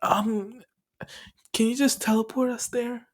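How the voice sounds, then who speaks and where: A man putting on the high, whiny voices of a group of panicky teenage classmates while retelling a cartoon story. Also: level tone, slow, heavily acted. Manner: shrill, panicky, whining. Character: excited high-pitched teen classmates.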